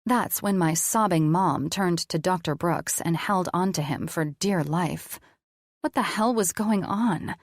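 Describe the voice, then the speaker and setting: A woman narrating an audiobook in the first person, in a measured, even way. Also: lowish voice, no room sound, clean studio sound.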